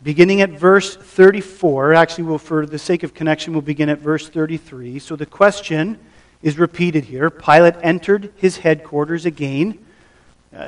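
A man preaching a sermon, reading scripture aloud and then explaining it with measured emphasis. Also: on the high side, far from the mic. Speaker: pastor.

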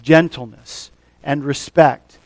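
A man's voice: a little high, steady tone, darkish tone, dry recording. Man preaching a careful expository sermon. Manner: measured expository preaching with frequent uh fillers. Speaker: pastor.

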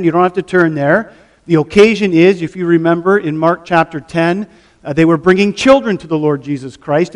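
A middle-aged pastor preaching a sermon, teaching the passage and putting questions to the congregation. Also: male voice, high-pitched. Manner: teaching, asks the audience questions.

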